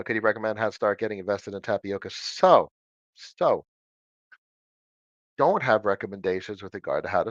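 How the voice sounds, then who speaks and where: In a low-pitched voice, a chatty middle-aged man hosts a casual livestream Q&A from his desk at home, animatedly reading viewers' questions aloud and answering them. The sound is lo-fi, with no echo.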